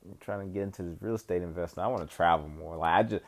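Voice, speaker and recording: A young man with a fairly low voice talks to camera in a loose, rambling vlog. He swears freely and fills gaps with slang and repeated "you know what I'm saying." The delivery stays laid-back and conversational. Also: racing. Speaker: vlogger giving life updates. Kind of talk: casual profane monologue.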